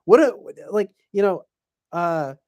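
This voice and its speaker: Rambling man with a fairly high voice. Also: animated, takes it slowly, darkish tone, no echo, highs cut off. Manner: rambling, hesitant, many fillers and restarts. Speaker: podcast host. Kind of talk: casual rambling commentary.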